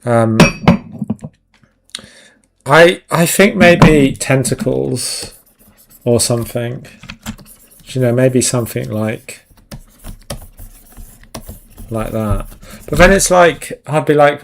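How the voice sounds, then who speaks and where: Rambling, gravelly man. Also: mid-range voice, slow pace, pauses often, a little hiss or hum. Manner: rambling, self-deprecating, trailing off. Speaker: concept artist streamer. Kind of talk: casual live-stream chat while drawing.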